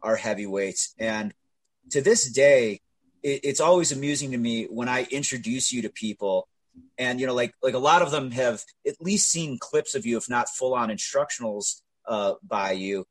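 A man's voice: medium pitch, moderate pace, dry recording, low-quality recording. A man speaking as a guest on a podcast, casual and hesitant, stumbling over the first words of his sentences. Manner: hesitant, stammering restarts. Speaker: podcast guest and grappling coach.

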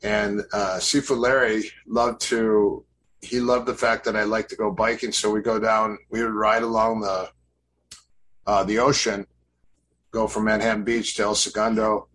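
A man in his fifties, a grappling coach appearing as a podcast guest, casually tells stories about his past training, rambling with fillers and restarts. His lowish voice is flat and fairly bright at normal speed, and the poor audio has a little hiss or hum.

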